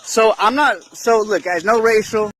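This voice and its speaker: A man's voice: high-pitched, moderate pace, fairly bright tone, no echo, poor audio. A man hosting his channel, talking casually in a monologue, tagging lines with "right?" and mixing in slang and cursing. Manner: repeats "right?" as a tag, mixes slang and cursing. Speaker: channel host.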